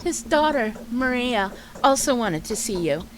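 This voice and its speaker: A woman streamer reading a game's dialogue aloud, voicing a devoted young townswoman in a soft, sing-song voice. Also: on the high side, animated, unhurried, a little hiss or hum, pitched above the performer's own voice, poor audio. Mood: advising.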